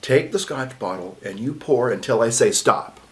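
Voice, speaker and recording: A man putting on an erudite, witty elderly priest who gives commanding bar instructions and drops to hushed whispers. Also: mid-range voice, lively intonation, moderate pace, lightly acted. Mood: instructive. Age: older.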